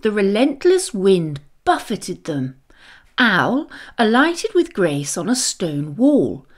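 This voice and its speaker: A woman narrating a children's bedtime story, gentle, expressive and soothing. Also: medium pitch, slow.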